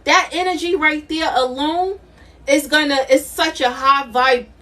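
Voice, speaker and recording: A woman's voice: high voice, a little slow, sharp tone, far from the mic. A middle-aged woman doing a live tarot reading, emphatic and repetitive, laughing often. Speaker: intuitive tarot reader.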